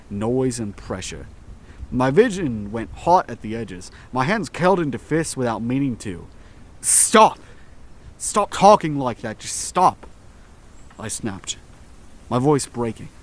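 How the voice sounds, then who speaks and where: A man narrates a first-person horror story in a mid-pitched voice. His reading is slow and tense, with dramatic pauses between phrases. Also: darkish tone.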